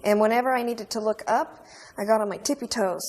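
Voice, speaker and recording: Woman in her twenties, halting and earnest. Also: a little high. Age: 20s. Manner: halting, earnest, quietly intense. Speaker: crime survivor interviewee. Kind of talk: emotional interview recollection.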